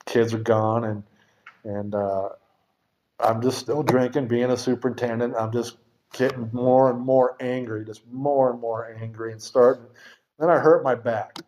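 A man's voice: mid-range voice, steady tone, unhurried, noisy background. Frank rambling middle-aged man. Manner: rambling, frank, swears casually. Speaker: speaker sharing a recovery story. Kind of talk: personal testimony at a recovery meeting. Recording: dull lo-fi recording.

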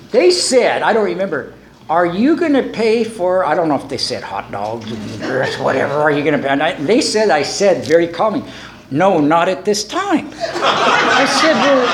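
Older male speaker, high voice, lively storyteller doing voices, roomy hall echo. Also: background noise. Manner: animated storyteller acting out voices, chuckling. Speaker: recovery meeting speaker. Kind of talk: personal recovery story.

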